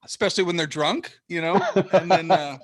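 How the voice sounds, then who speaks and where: A male Canadian comedian talks in a casual interview, his voice sitting fairly high. He tells stories at his own expense and laughs often. The sound is dry and close, with no room in it. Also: steady tone, fairly quick, fairly bright tone, no room sound. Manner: laughing, self-mocking storyteller. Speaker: comedian guest.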